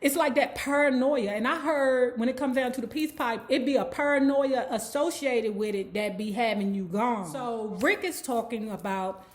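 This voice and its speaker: A woman's voice: on the high side, moderate pace, few pauses. Chatty woman recapping a book. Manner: chatty, profane, tags lines with "okay?". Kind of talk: casual storytelling.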